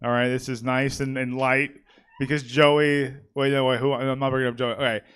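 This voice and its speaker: A man's voice: mid-range voice, level tone, normal speed, a bit bright, smooth. Rambling man doing stand-up. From California. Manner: rambling, self-mocking, frequent "all right?". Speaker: stand-up comic and emcee. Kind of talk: stand-up comedy set. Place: live comedy stage.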